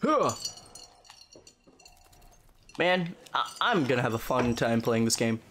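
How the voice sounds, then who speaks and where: A man plays a video game with a friend, excitable and foul-mouthed. His pitch leaps wildly from low mutters to high yelps. A faint hiss runs under the recording. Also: slow. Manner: excitable, yelping, profane. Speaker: let's play gamer. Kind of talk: casual gaming commentary.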